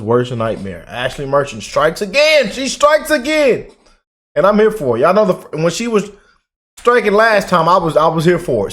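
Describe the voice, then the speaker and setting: A young man hosting a reaction channel, ranting heatedly and repeating himself, then dropping to quiet asides. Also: medium pitch.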